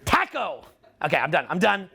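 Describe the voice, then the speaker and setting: A man's voice: high voice, animated, moderate pace, creaky, bright, forceful tone. A middle-aged Canadian man with a Canadian accent giving a live seminar talk, profane and teasing. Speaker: seminar speaker.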